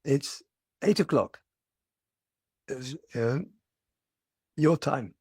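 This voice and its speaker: An older man, a meditation teacher, giving a reflective dharma talk with gentle humor and storytelling. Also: medium pitch, drawn-out words, slightly rough, dry recording, studio quality.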